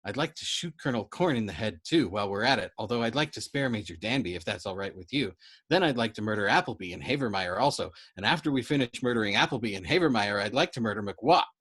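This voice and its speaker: A man voicing a frantic, agitated young male bomber pilot who blurts out loud, excitable outbursts in a storybook reading. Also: fairly low pitch, fast, slightly rough. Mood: scheming.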